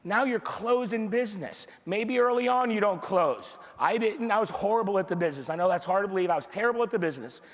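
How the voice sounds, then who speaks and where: A man giving an energetic motivational training talk to a live audience. He drives points home with repetition and rhetorical questions and acts out dialogue. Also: high-pitched, quick pace, few pauses. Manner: acts out dialogue in quoted voices. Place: large room with an audience. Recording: long hall reverb from a live event.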